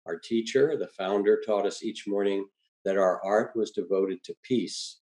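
A man reading a first-person story aloud in a calm, measured way. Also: fairly low pitch, low-quality recording.

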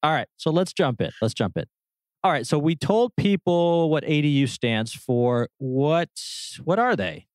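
A man hosting a podcast, friendly and a little halting as he introduces his guest. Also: fairly high pitch, lively intonation, clear, resonant tone, dry recording. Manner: friendly, slightly halting with fillers and restarts. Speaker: podcast host.

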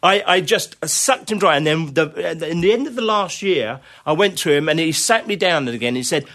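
Middle-aged male guest, slightly high voice, chatty rambling storyteller. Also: expressive, normal speed, a bit bright, breathy edge. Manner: rambling anecdotes with many fillers and laughter. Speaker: interview guest, drummer. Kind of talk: casual conversational storytelling.

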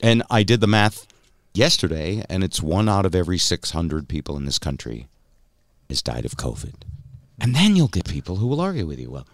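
A man hosting a podcast in casual chat, telling stories in an animated way and slipping into mock voices. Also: low voice, brisk, no room sound, clean studio sound. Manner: chatty, animated storytelling, slips into mock voices. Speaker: podcast host.

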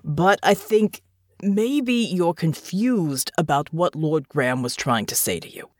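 Woman doing a gruff, weary bear-man captain. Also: lowish voice, expressive, dry recording, clean studio sound. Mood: exasperated. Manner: blunt, exasperated, slow drawl. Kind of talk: audiobook character voice.

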